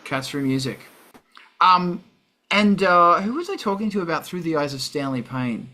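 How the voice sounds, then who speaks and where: An Australian man hosting a live stream, chatting casually and wandering from topic to topic. His voice is bright and forward, and he swears freely. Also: fairly high pitch, lively intonation, normal speed. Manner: rambling, profane, sidetracked. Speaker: livestream host.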